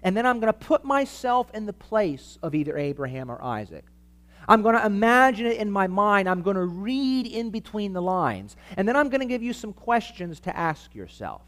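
A man's voice: high-pitched, big pitch swings, moderate pace, a bit bright. A man preaching to a live church audience in an emphatic teaching style, asking the listeners for amens. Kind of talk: sermon-style teaching talk.

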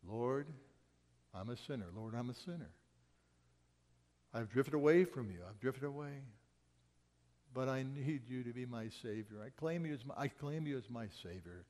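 A man's voice: mid-range voice, animated, moderate pace, long pauses, darkish tone, in a large hall, close to an everyday voice. A man quoting a humbled tough ex-Marine. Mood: earnest.

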